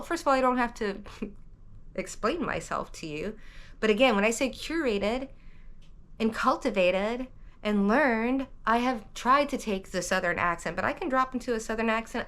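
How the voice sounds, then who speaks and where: A woman from the American South who reads tarot, talking to camera in a rambling, animated vlog monologue, often cutting herself off mid-sentence. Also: on the high side. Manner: rambling, animated, self-interrupting. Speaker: tarot reader vlogger.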